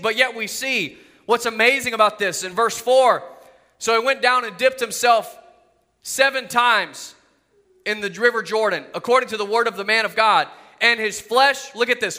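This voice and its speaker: A man's voice: extremely high pitch, sharp tone, in a large hall. A man preaching a sermon with passion, asking rhetorical questions and repeating his key phrases.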